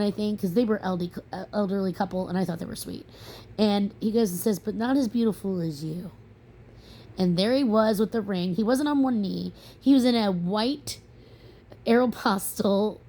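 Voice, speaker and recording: A woman's voice: mid-range voice, warm tone, a little hiss or hum. A young woman from the American Midwest talking casually to camera, chatty and sassy, telling stories with playful asides. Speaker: vlogger. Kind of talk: casual opinion monologue.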